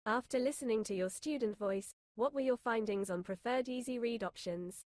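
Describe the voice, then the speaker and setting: A woman's voice: a little high, moderate pace, a little mellow. A woman interviewer asking plain, complete questions that sound prepared.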